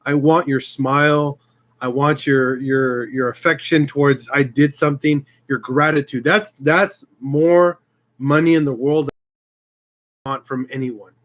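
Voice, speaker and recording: Speaking unhurriedly in a steady, mid-range voice, a man who hosts his own YouTube channel chats casually with his viewers on a live stream. He grows emotional, wanders heartfeltly from point to point, and keeps restarting.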